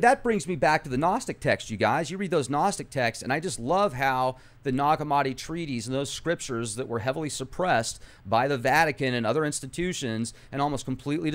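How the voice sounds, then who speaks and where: A man hosting a video, talking to his viewers in a rambling monologue full of rhetorical questions and fillers. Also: medium pitch. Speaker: video host.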